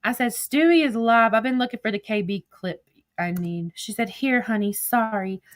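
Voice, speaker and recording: A woman's voice: fairly high pitch, moderate pace, no room sound. A woman streaming casual commentary, reading text messages aloud in a profane, gossipy way and laughing often. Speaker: social media streamer.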